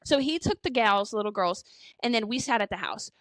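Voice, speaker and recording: A woman's voice: mid-range voice, expressive, fairly quick, fairly bright tone, no echo. A woman co-hosting a podcast in casual chat, rambling and swearing freely with lots of fillers. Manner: rambling, profane, peppered with "like". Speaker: podcast co-host.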